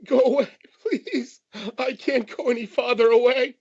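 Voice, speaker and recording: A man's voice: extremely high pitch, steady tone, moderate pace, husky, dull audio, pitched above the performer's own voice. A man voicing a terrified, broken middle-aged man who whimpers and pleads in stammers. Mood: pleading.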